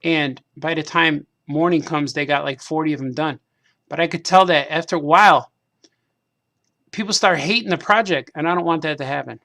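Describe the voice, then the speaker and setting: A cartoonist on a craft stream rambles casually while painting figures, his voice gravelly, bright and on the high side at a moderate pace. He meanders, repeats himself and makes self-deprecating remarks.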